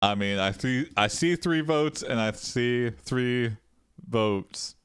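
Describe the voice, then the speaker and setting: A man hosting a live stream of an interactive AI story, casual and crude, reading out his input slowly as he types. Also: mid-range voice, lively intonation, fairly bright tone, smooth, dry recording, studio quality. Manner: drawn-out typing dictation, crude jokes.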